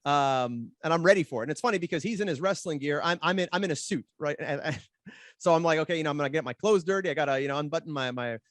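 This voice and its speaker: A man and podcast guest telling a story in an animated way, fast and with many restarts as he acts out quoted arguments. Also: a little high, dry recording, studio quality. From Canada. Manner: rapid, repeats words while acting out quoted arguments. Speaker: podcast guest, pro wrestler.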